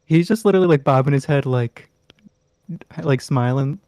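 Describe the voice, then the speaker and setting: A man's voice: medium pitch, normal speed, mellow, no echo. A man narrating a tabletop game as game master, in a loose, rambling way with lots of fillers.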